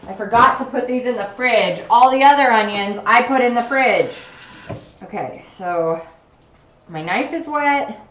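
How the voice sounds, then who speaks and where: A woman's voice: fairly high pitch, a little slow, a bit bright, roomy sound, a little hiss or hum. A woman chatting casually on a cooking livestream, narrating what she does as she chops in her home kitchen. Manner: chatty, talks while chopping, self-narrating. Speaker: cooking streamer.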